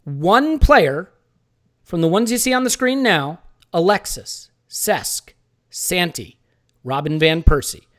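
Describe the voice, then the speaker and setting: High-voiced joking podcast host. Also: male voice, animated, takes it slowly. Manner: jokey, playful, rambling. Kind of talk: live podcast chat.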